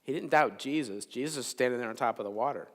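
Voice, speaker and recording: A man giving a chapel sermon in a relaxed, conversational way, telling a Bible story with jokes. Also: mid-range voice, quick pace. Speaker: chapel speaker. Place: large chapel. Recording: long hall reverb in a chapel.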